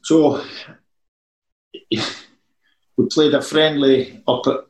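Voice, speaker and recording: Man, former football boss, anecdotal talker, average pitch, roomy sound. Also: steady tone, very slow. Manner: anecdotal, rambling storyteller. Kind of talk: casual interview chat.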